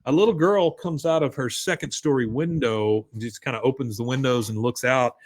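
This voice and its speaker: Brief: male podcast host, mid-pitched, dry close sound, retelling scenes with a chuckle. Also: normal speed, dry recording. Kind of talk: casual episode recap.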